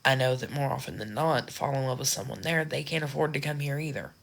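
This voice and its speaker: A woman's voice: very deep voice, quick pace, creaky. A woman from the United States talking frankly and ramblingly in a casual vlog. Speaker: social media creator.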